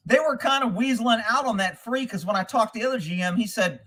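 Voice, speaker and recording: A man's voice: very high-pitched, fast talker, pushed and bright. A man hosting a casual livestream, reading comments and telling rambling, profane stories with frequent laughter. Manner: profane, rambling storyteller who laughs often. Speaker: livestream host. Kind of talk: casual live-stream chat, reading comments.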